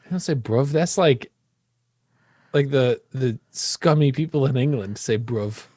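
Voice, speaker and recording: A man's voice: medium pitch, a little slow, dark tone, dry recording, clean studio sound. An American man co-hosting a podcast in a rambling, playful, teasing casual chat. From United States. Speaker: podcast co-host.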